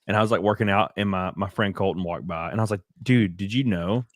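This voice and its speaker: A man's voice: fairly low pitch, fast talker, dry recording, studio quality. A man hosting a casual livestream chat, crude and joking, reading viewer comments aloud. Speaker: stream host.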